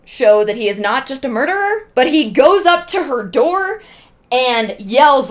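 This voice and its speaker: A woman's voice: sits high, sing-song, a little slow. A woman streamer casually retelling an ancient epic in a chatty, humorous way, with lots of asides. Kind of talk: casual storytelling.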